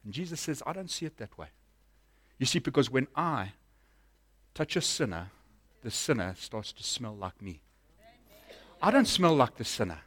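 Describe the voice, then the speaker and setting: A middle-aged man preaching a sermon, telling a story and swinging from loud bursts to hushed lines. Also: medium pitch, very animated, moderate pace, pauses often, breathy edge. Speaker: pastor.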